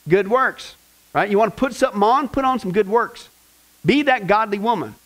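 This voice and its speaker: A male pastor teaches his congregation with a lively, playful delivery. His voice sits high for a man, and he breaks up the lesson with joking asides. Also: normal speed, poor audio. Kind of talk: church teaching sermon.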